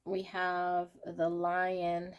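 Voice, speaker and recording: A woman's voice: fairly low pitch, monotone, extremely slow, clear, resonant tone. A woman hosting a pick-a-card tarot reading, talking in a gushing, exclamatory way as she turns the cards. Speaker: tarot reader.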